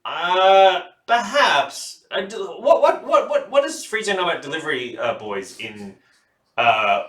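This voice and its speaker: A man playing a tabletop game, talking excitably with many restarts. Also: sits high, a little slow. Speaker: player. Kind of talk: casual tabletop game play. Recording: roomy, distant mic.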